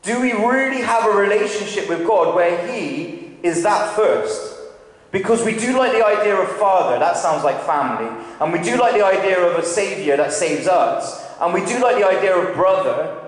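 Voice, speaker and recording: Male preacher, higher voice, chatty questioning delivery, long church reverb. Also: animated, moderate pace. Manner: conversational, asks the congregation questions. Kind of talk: sermon. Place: church hall. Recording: very echoey hall with long reverb.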